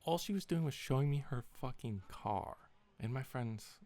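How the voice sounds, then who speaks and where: A man's voice: medium pitch, lively intonation, normal speed, few pauses, mellow, no room sound. A young man in a casual, rambling vlog, retelling a story in an exasperated tone with lots of swearing. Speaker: vlogger.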